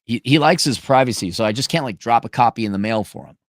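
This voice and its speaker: A man's voice: medium pitch, quick pace, no room sound, studio quality. A man hosting a show, giving blunt, sarcastic and profane commentary in a casual way while reading viewer donations.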